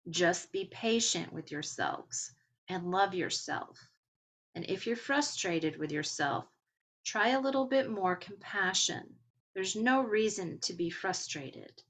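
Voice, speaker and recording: Gentle, encouraging woman with a lowish voice. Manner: rambling, with filler words. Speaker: podcast host. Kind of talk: casual spiritual commentary.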